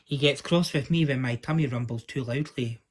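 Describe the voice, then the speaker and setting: A man's voice: mid-range voice, moderate pace, natural voice. A man voicing a hungry little male dwarf who mumbles. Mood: mumbling.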